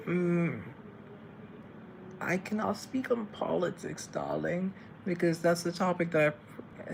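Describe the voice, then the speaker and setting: A man's voice: fairly high pitch, vocal fry, darkish tone, a little hiss or hum. A man from Colombia chatting casually on a live stream, answering viewers' comments in a chatty, theatrical way.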